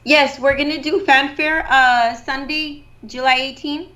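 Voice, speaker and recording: Bright high-voiced woman musician. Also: fairly even intonation, unhurried. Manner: friendly, laughs often, mixes in Spanish. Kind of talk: casual radio chat.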